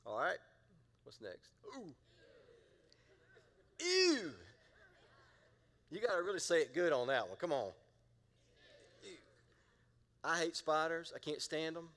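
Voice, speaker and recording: A middle-aged man from the American South preaches a sermon, pitched a little high for a man. He keeps it loose and conversational, joking with his congregation and getting them to call out responses. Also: expressive, brisk, a bit bright, long reverb tail. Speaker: pastor.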